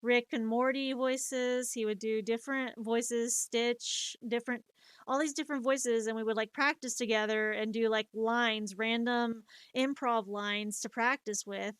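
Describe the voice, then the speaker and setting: A woman's voice: a little high, steady tone, unhurried, fairly bright tone, smooth, no echo, clean studio sound. Chatty woman streamer rambling through stories. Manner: rambling, many fillers and restarts, laughs at herself. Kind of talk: casual storytelling chat.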